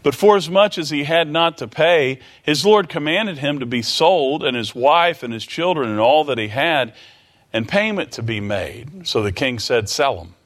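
A man's voice: a little high, expressive, moderate pace, fairly bright tone. Man preaching a dramatic sermon. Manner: expository preaching, retells scripture with pleading dramatic quotes; asks the listeners rhetorical questions.

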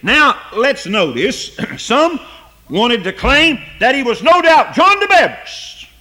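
Male preacher, high and bright tone, deliberate pace, emphatic on scripture. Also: sing-song. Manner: slow, rising to high emphatic peaks on scripture; drops low and quiet on asides. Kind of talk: sermon.

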